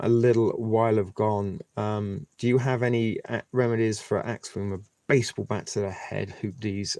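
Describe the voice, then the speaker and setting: A man's voice: medium pitch, darkish tone, dry recording. A man hosting a live stream, talking to his viewers in a rambling, chatty way. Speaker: livestream host. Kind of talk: casual live-stream chat.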